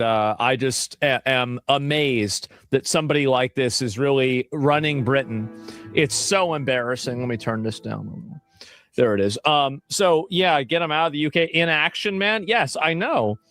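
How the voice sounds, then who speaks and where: A man's voice: mid-range voice, normal speed, fairly bright tone, soft background music. A man hosting a casual commentary stream, mocking and exasperated, swearing and restarting his sentences. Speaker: streamer host.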